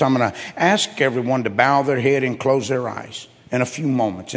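A male pastor preaching to his church in a folksy, repetitive way that swells into loud bursts. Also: medium pitch, long reverb tail. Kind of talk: sermon with altar call. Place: church sanctuary.

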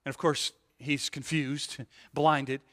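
Bright-voiced male pastor preaching in a reverberant hall. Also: fairly high pitch, slow. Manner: animated preaching, rhetorical questions, frequent "right?"; restarts and repeated words when building a point. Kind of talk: sermon.

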